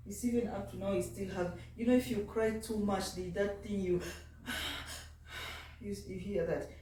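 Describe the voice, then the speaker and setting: Woman, tired mother, casual vlog chat, mellow tone, echoey room, faint background noise. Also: medium pitch, steady tone, measured pace. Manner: tired, talking to her baby in between. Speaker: vlogger and mother. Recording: echoey room, mic at a distance.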